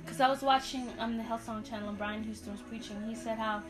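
A woman's voice: on the high side, steady tone, quick pace, over music. A woman from Haiti, co-hosting a podcast in casual chat, laughing often and talking while eating. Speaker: podcast co-host.

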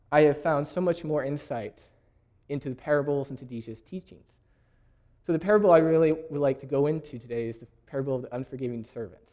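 A man's voice: a little high, warm tone, lo-fi sound. A young man from Canada giving a sermon, reading scripture aloud and laughing often. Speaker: preacher.

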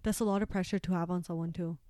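A woman's voice: lowish voice, steady tone, fast talker, mellow, no room sound, studio quality. A woman in her twenties from Canada, chatting casually and rambling through a story with lots of fillers and swearing. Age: 20s. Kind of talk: casual chat.

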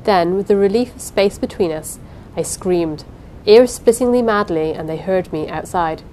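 A woman's voice: medium pitch, moderate pace, mellow, slight background noise, low-quality recording. A woman narrating a first-person story aloud, reading in a dramatic, suspenseful way. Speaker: audiobook narrator.

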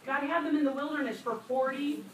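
High-voiced woman teaching in a roomy church. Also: steady tone, fairly quick, slight background noise. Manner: conversational, laughing asides, emphatic repetition. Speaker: women's Bible study teacher. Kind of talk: sermon teaching. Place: church room. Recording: roomy, distant mic.

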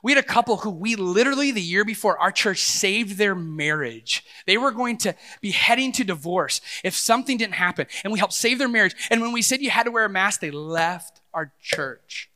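A middle-aged man preaching a sermon as pastor, animated and swinging between loud passages and hushed ones. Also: high voice, moderate pace, hardly any pauses.

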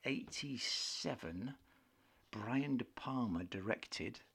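A man, co-hosting a casual film chat podcast, opinionated and chatty, clearing his throat now and then. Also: medium pitch, lively intonation, takes it slowly, a bit bright. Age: 50s. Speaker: podcast co-host.

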